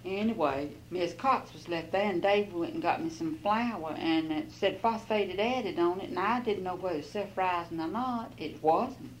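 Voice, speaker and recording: A woman's voice: on the low side, normal speed, few pauses, a little hiss or hum, poor audio. Older woman spinning a homespun tale. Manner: folksy, rambling, quotes others in lively bursts. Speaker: interviewee. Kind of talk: oral history storytelling.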